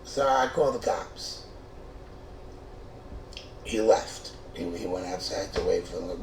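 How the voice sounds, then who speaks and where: A middle-aged man telling a funny true story, low and gravelly, swearing freely and restarting his words as he goes. He sounds a bit far from the mic, with a roomy echo and faint noise behind him. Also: slow, long pauses. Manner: profane, stammering restarts, animated. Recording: echoey room, distant mic, faint noise.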